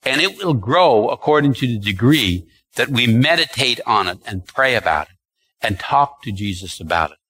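A man's voice: mid-range voice, lively intonation, moderate pace, sharp tone, slightly rough, poor audio. A male preacher delivering a sermon, emphatic and repetitive, drawing out key words.

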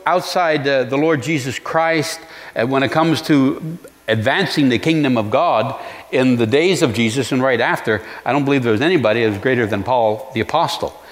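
A male pastor preaching a sermon in an earnest way, pausing to reflect and restarting his phrases. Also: mid-range voice, long reverb tail.

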